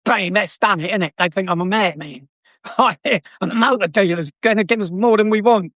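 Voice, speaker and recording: A man's voice: sits high, moderate pace, a bit bright, dry recording, studio quality. An older man with a South London accent, a former car dealer telling stories in a chatty, cheeky way with frequent laughs. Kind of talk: anecdotal storytelling.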